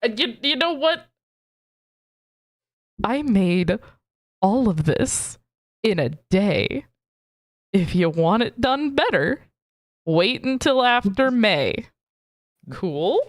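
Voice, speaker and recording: Slow-talking swearing woman game master. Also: a little high, big pitch swings. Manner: self-deprecating, swears a lot, laughs often. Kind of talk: casual chat opening a tabletop game stream.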